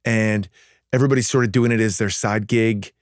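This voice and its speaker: This podcast guest, a man in his fifties, has a lowish voice with fairly even intonation and talks fairly quickly. The casual interview chat finds him meandering and self-deprecating, full of fillers and restarts, in a clean, dry studio recording.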